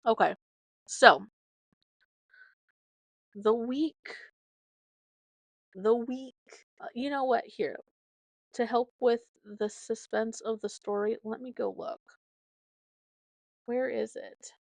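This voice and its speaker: A woman's voice: fairly high pitch, slow pace, gravelly, pauses often, dry recording. Chatty woman podcast host. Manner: chatty, rambling, animated. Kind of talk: casual solo chat.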